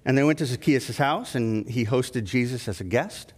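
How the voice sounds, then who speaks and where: A man's voice: medium pitch, moderate pace, husky. Man preaching in a reverberant hall. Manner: conversational storytelling, lively when telling a story. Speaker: pastor. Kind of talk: sermon. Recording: long reverb of a church hall.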